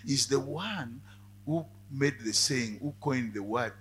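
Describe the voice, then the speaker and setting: A male preacher giving a sermon, dropping to quiet asides and then rising to loud, emphatic cries. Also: mid-range voice, slow pace, a little hiss or hum.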